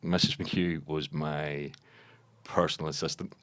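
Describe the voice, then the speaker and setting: A man in his forties with a Belfast accent, a comedian guest on a podcast telling animated stories and acting out quoted voices. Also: very deep voice, a little slow. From Northern Ireland. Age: 40s. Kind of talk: casual podcast chat.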